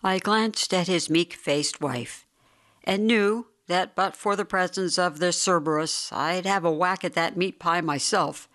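Wry, measured audiobook narrator. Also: medium pitch, fairly bright tone. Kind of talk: scripted narration.

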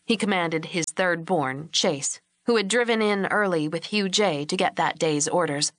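A woman narrating an audiobook in a measured, even storytelling manner, recorded on a close mic. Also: lowish voice, no echo. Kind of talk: scripted narration.

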